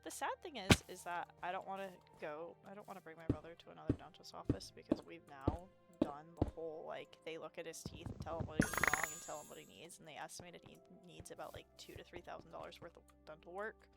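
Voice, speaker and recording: A woman's voice: sits low, fairly even intonation, quick pace, vocal fry, hardly any pauses. A woman streamer chatting casually, ranting in an exasperated way and swearing freely. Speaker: live streamer. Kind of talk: casual venting chat. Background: loud music.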